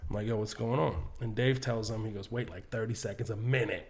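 Comedian guest, male, animated storyteller who swears and acts out voices. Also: on the low side, fast. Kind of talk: casual podcast storytelling.

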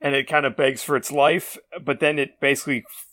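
A man co-hosting a casual comedy podcast, speaking haltingly with many fillers and dropping deadpan jokes. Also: medium pitch. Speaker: podcast co-host.

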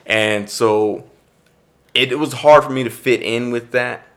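Animated male comedian telling stories. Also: medium pitch, unhurried. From East Austin, Texas. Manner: animated storyteller who acts out past conversations. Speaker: stand-up comedian and actor, guest. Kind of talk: casual interview storytelling.

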